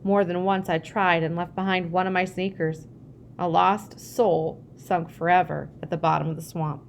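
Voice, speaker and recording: A woman reading a childhood memoir aloud, lively when she acts out family dialogue. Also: on the low side, moderate pace, vocal fry, slight background noise. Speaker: reader.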